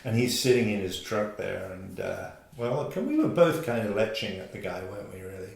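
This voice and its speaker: A man's voice: lowish voice, very animated, moderate pace, vocal fry. A man, co-hosting a casual chat, joking and telling stories. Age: 60s. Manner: jokey, laughs easily, storytelling. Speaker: podcast co-host. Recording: echoey room.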